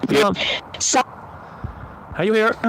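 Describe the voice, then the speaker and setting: A paranormal investigator speaks slowly in a slightly bright voice as he coaxes spirits outdoors at night by some beehives, repeating himself while addressing his chat. The rough recording carries a little hiss or hum.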